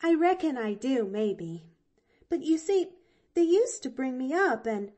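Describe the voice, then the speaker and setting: A woman's voice: high voice, sing-song, a little slow, dark tone, pitched above the performer's own voice. A woman reading an audiobook, voicing a cheerful, chattering little girl who rambles breathlessly. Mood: earnest.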